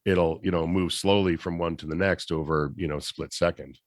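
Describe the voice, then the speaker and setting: A man's voice: low-pitched, steady tone, moderate pace, no room sound, studio quality. A man co-hosting a casual chat, explaining things step by step with many restarts. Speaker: co-host.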